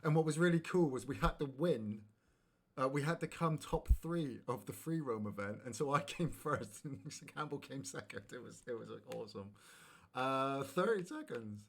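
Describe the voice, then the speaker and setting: Male gaming streamer, casual rambling chat, bursts of loud excitement, mid-range voice. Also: medium pitch, moderate pace, slight background noise. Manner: rambling, animated, prone to sudden shouts at the game. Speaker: streamer playing a video game.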